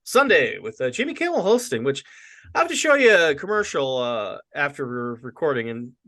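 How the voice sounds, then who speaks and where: Joking, lively podcast co-host. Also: male voice, a little high, moderate pace, no echo. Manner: joking, rambling with many fillers. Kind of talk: casual podcast chat.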